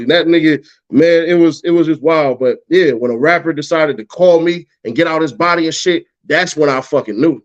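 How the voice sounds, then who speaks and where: A man tells a story in loose, profanity-laden slang, jumping into other people's lines as he quotes them. His voice sits a little high for a man. The recording is dull and lo-fi. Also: fairly quick, hardly any pauses. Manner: profane, animated, acts out quotes in a higher voice. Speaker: guest, YouTuber. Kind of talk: casual storytelling. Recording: dull lo-fi sound.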